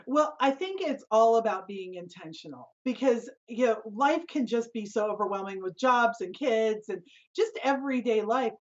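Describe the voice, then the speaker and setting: A woman's voice: on the high side, animated, normal speed, few pauses, lo-fi sound. A woman author answering interview questions from a remote link, giving encouraging relationship advice.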